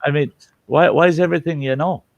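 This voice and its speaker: A man's voice: a little high, steady tone, quick pace, gravelly, no echo. A man hosting a casual chat in a folksy way, laughing often. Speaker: host. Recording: dry, dull lo-fi sound.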